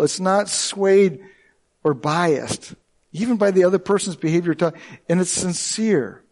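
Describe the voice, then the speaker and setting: A male pastor preaching a sermon in an earnest, emphatic way, slowing down and speeding up to stress his points. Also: high voice, a little mellow. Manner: earnest and emphatic, with shifting pace.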